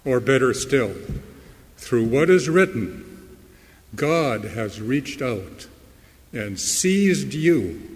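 Male pastor, unhurried emphatic sermon delivery, big church reverb. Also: mid-range voice. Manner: slow, emphatic preaching with dramatic pauses and swells. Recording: long hall reverb.

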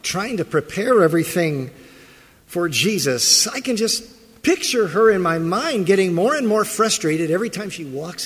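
A man's voice: a little high, slightly rough. A man preaching a morning sermon as pastor, emphatic and fond of rhetorical questions. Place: church sanctuary. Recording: long reverb of a large hall.

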